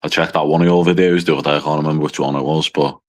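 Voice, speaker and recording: Very deep, flat-voiced man with a mild Liverpool-area accent. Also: rapid-fire. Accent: mild northwest English, near Liverpool. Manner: dry, self-deprecating teasing with swearing. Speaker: livestream host. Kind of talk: casual banter to a small live chat.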